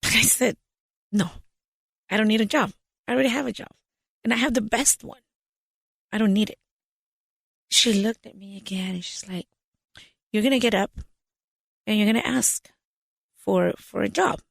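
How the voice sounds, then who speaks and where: A woman, telling a story lively as a podcast guest and mixing in phrases. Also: medium pitch, moderate pace, vocal fry, pauses often, slightly rough, dry recording, studio quality. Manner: animated storyteller, switches into Spanish phrases. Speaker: podcast guest, business founder. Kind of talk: storytelling in an interview.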